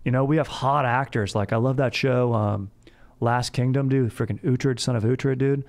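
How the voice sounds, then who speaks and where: A man's voice: mid-range voice, fairly even intonation, a little fast, a little mellow. A young man hosting a comedy podcast, chatting casually in bro slang and saying "dude" all the time. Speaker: podcast host.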